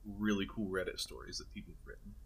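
A man's voice: low-pitched, fairly even intonation, fast talker, creaky, slightly rough. A man co-hosting a podcast in casual chat, rambling through a story with lots of fillers. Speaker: podcast co-host.

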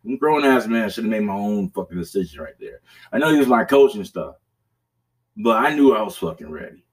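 A man's voice: lowish voice, very animated, a little fast. A man hosting a podcast, telling a story in casual chat, profane and rambling, with restarts and bursts of laughter. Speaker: podcast host.

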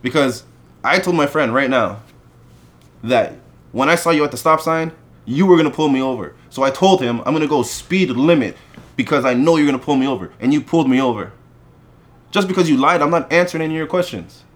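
A man casually telling an animated story in conversation, acting out the people he quotes. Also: on the high side, fairly quick. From Canada.

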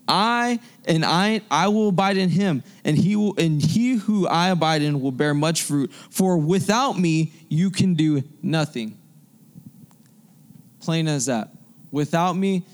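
Fervent high-voiced young man preaching. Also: smooth. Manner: fervent, repetitive, restarts phrases for emphasis. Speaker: young adult ministry preacher. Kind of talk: sermon.

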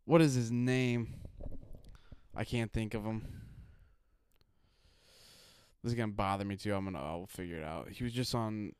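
A man's voice: fairly low pitch, moderate pace, long pauses, darkish tone, clear, resonant tone, no echo. A man with a Midwestern accent co-hosting a casual podcast, rambling and filling his talk with "like". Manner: rambling, heavy use of "like". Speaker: podcast co-host.

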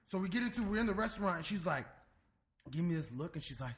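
Young dude rambling a wild story, cusses a lot, kinda high voice. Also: male voice, lively intonation, fast. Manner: loose, profane storytelling, constant "bro" and "dude". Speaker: storyteller in a podcast chat. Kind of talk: casual chat.

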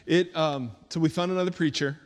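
Pastor preaching in an echoing church hall. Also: male voice, on the high side, fairly even intonation, fairly quick. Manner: warm-hearted, rambling with fillers, preacherly cadence. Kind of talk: sermon. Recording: echoey hall reverb.

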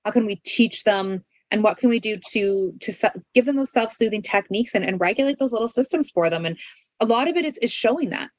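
A woman's voice: on the high side, lively intonation, brisk, a little mellow, no room sound, rough recording. A woman giving parenting advice in an interview, earnest and coaching, asking many rhetorical questions and checking in with "right?". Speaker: parenting expert guest.

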